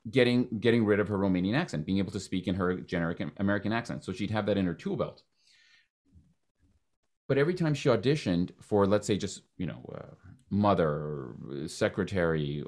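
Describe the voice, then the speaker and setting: A man from Canada hosting a podcast, talking in an animated, joking way with quick restarts. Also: low voice. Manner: animated, talks fast with restarts and jokes. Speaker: podcast host. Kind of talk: casual interview chat.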